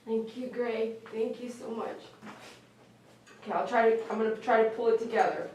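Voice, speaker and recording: A woman dog groomer on a live stream, talking softly and emotionally to a dog while she grooms it. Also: on the high side, level tone, normal speed. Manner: soft, emotional, coaxing talk to a dog. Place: grooming room. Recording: roomy sound from a distance over faint noise.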